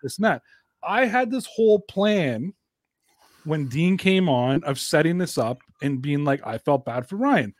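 A man telling stories as a podcast guest in casual chat, animated, swearing often and laughing a lot. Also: fairly high pitch, measured pace, no room sound.

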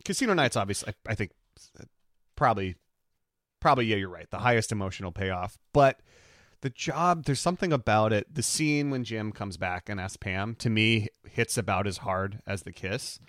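A man's voice: lowish voice, normal speed, a bit bright, dry recording, clean studio sound. A man co-hosting a podcast in casual chat, talking things through with enthusiasm and care. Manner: enthusiastic, analytical. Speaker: podcast co-host.

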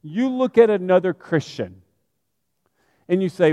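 A man preaching a sermon, animated and conversational, speaking straight to his congregation. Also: very high-pitched, takes it slowly, no echo, studio quality, in a large hall.

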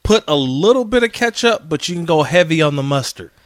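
A lively man co-hosts a relaxed chat, his voice a little higher than most and swinging widely in pitch. He laughs often and repeats himself as he works out a thought. The sound is dry and close. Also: a little fast, no room sound. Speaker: co-host reading listener questions. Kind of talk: casual chat.

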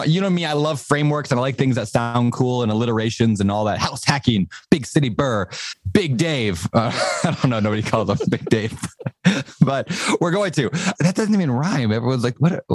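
A man's voice: mid-range voice, lively intonation, a little fast, dry recording, studio quality. A man hosting a podcast, chatting in a jokey, rambling, self-deprecating way. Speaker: podcast host. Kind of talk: casual podcast chat.

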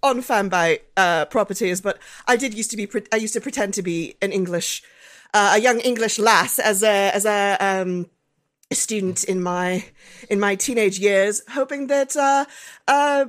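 A woman co-hosting a podcast in casual chat, drawn-out and giggly. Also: medium pitch. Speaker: podcast co-host.

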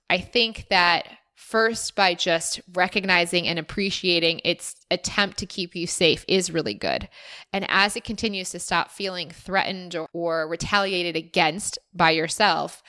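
A woman's voice: on the low side, unhurried, bright, forceful tone. A woman hosting a solo podcast, answering listener questions in an earnest, encouraging and reflective way. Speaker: podcast host. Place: former resident of Austin.

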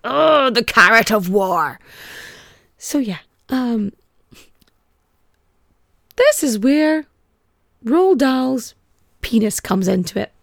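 A woman's voice: a little high, lively intonation, takes it slowly, vocal fry, long pauses, a bit bright, dry recording, clean studio sound. A woman hosting a casual comic history podcast, chatty and irreverent, with frequent swearing and filler words. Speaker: podcast host.

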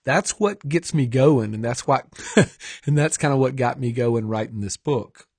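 A man's voice: mid-range voice, measured pace, darkish tone, husky, no echo. A middle-aged man from the South, reflecting conversationally on his own book in a recording studio. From Georgia, US South. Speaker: author. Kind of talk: recorded author talk.

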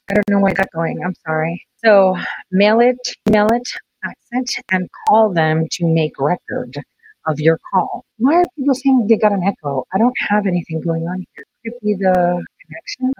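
A woman's voice: mid-range voice, lively intonation, moderate pace, no room sound, low-quality recording. A woman talks casually to her viewers as she hosts a livestream, moving from point to point in a loose, conversational way. The sound is close and dry, with no room behind her. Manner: chatty, addresses viewers directly. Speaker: host.

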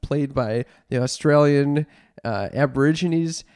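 A man's voice: medium pitch, measured pace, darkish tone, clear, resonant tone, no echo, clean studio sound. A young man co-hosting a podcast, chatting casually and teasing with a playful manner. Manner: playful, teasing, laughs at his own jokes. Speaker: podcast co-host. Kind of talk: casual comedic chat.

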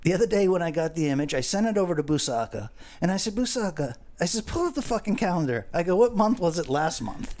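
A man in casual, profane banter on a talk show. His voice sits fairly high and leaps around, and he rambles, restarts and swears as he spins his stories. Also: very animated, quick pace, darkish tone. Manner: rambling, swearing, repeats words.

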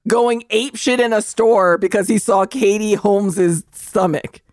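A woman's voice: mid-range voice, steady tone, a little slow, a little mellow, no echo, clean studio sound. A woman in her forties co-hosting a podcast, chatting casually about movies with wry, sarcastic asides. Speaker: podcast co-host.

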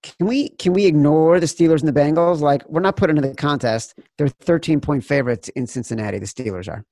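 A man's voice: on the high side, quick pace, dark tone, no echo, studio quality. A man from the Chicago suburbs hosting a casual sports betting chat, fired up and profane. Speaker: podcast host.

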